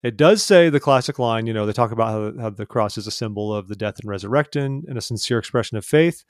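A man co-hosting a casual podcast, teasing his partner and briskly introducing new topics. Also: on the low side, no echo, clean studio sound. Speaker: podcast co-host.

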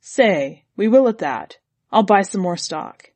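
Sour complaining husband, scornful and gloomy, pitched low and husky, close dry sound, as a woman reader puts him on. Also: expressive, slow pace, a little mellow, no echo. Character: grumbling middle-aged husband, sour and contemptuous.

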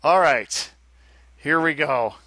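A man's voice: fairly high pitch, slow, dry recording. A man co-hosting a casual podcast on a headset mic. He reads listener emails aloud, jokes and laughs often. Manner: animated, laughs often, jokey. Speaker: podcast co-host.

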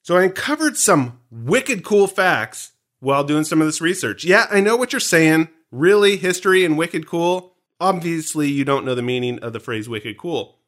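A man co-hosting a casual movie podcast, joking and sharing trivia in an animated, teasing way. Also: on the high side, normal speed. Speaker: podcast co-host. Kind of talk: casual movie commentary chat.

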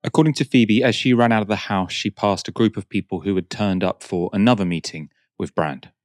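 A male documentary narrator with a very low, deep voice, reading his script in a measured, grave way. The studio voice-over is bone-dry, with no room sound around it. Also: no room sound.

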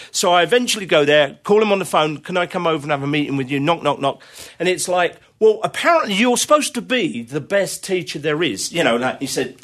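Middle-aged male guest, slightly high voice, chatty rambling storyteller. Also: fairly bright tone. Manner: rambling anecdotes with many fillers and laughter. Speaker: interview guest, drummer. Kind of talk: casual conversational storytelling.

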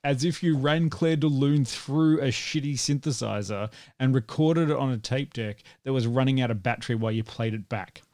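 A man's voice: medium pitch, normal speed, few pauses, darkish tone, no echo, clean studio sound. A man hosting a casual film review podcast, joking around and laughing often between rambling asides. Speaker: podcast host.

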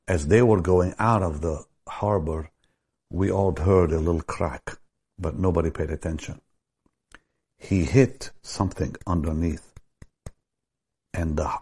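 A man's voice: deep voice, mellow, husky. A middle-aged man preaching a sermon, telling stories and building into emphatic, fervent prayer. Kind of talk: sermon with storytelling.

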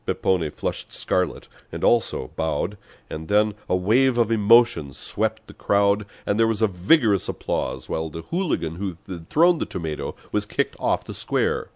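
A man reading a story aloud as an audiobook narrator, expressive storytelling. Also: low voice, moderate pace, hardly any pauses, no echo. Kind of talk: scripted narration.

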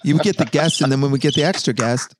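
A man's voice: mid-range voice, fast talker, background noise. A man hosting a casual chat, teasing his guests with playful banter. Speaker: host.

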